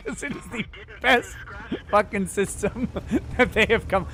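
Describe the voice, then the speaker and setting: A man streaming a game, reading out viewer messages and ranting loudly with frequent laughter. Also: sits high, very animated, measured pace, long pauses, slight background noise. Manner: loud, laughing, exaggerated rants. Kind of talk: casual ranting commentary while gaming.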